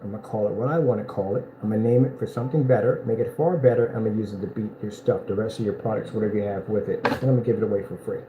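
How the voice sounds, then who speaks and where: A man selling projector screens in a boastful, taunting vlog rant, telling animated stories with big swings in pitch. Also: racing, hardly any pauses, phone-quality sound, noisy background. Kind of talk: ranting promotional vlog.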